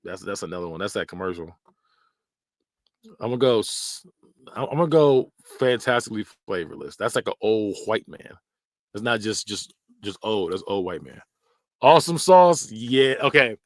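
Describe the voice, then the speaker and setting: Casual tier-list commentary from a podcast host: a man with a lowish voice at normal speed, bluntly ranking phrases in slang. He's animated and laughs a lot while parroting them in mock voices, and the sound is clean studio audio with no room sound.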